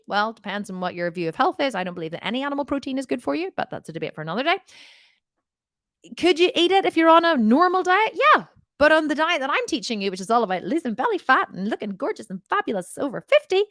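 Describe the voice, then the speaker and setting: A woman's voice: medium pitch, a bit bright, dry recording, clean studio sound. A woman diet coach answering viewer questions in a live Q&A, blunt and direct, often laughing and swearing jokingly.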